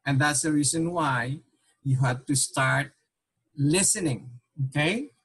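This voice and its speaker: A man's voice: fairly high pitch, slow pace, fairly bright tone, slightly rough. Patient man teaching a language class. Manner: patient, repeats questions, mixes Tagalog and English. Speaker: Tagalog teacher.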